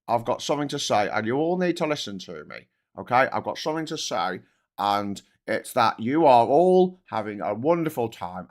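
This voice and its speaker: A man's voice: medium pitch, pitched below the performer's own voice, natural voice. A man putting on the voice of a dull, middle-aged male politician pleading with a crowd, in a droning, plodding, self-pitying way.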